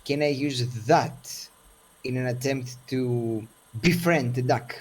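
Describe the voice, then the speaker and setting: A man taking part in a tabletop game, asking the game master questions and speaking in character. His in-character lines are formal and flowery. His pitch sits in the middle range. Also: takes it slowly. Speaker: player. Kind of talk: in-character role-play and table talk.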